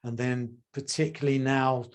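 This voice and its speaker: A middle-aged man, speaking at an ordinary mid pitch. He talks as a guest in a relaxed interview over a video call, with theatrical stresses on key words. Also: moderate pace. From England. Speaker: guest, charisma coach. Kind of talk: casual interview chat. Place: home room, video call.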